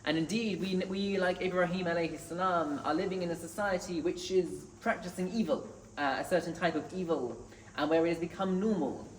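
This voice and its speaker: A man's voice: high-pitched, a little fast. A man giving an earnest Friday sermon in a mosque, reciting Arabic scripture between his points. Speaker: mosque preacher. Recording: echoey hall, distant mic, faint noise.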